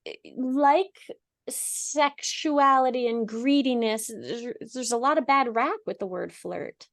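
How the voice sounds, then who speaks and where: Effusive high-voiced woman host. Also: takes it slowly. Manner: effusive and encouraging. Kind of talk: casual interview.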